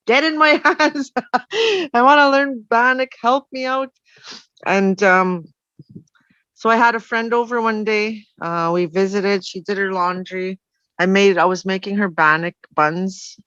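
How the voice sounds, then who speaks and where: A woman's voice: fairly low pitch, fairly bright tone, no echo. Middle-aged woman, frank rambling storyteller, muffled dry recording. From Canada. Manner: frank, rambling, with many "you know" fillers. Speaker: storyteller guest. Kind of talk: personal storytelling.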